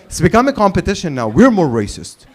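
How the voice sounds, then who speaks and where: A man's voice: high voice, wildly swooping pitch, fast talker. A man from Lebanon hosting an open mic, doing stand-up and acting out both sides of dialogues with plenty of swearing. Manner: loud announcer calls when introducing acts. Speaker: open mic host and comedian. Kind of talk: stand-up comedy. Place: comedy club stage with live audience.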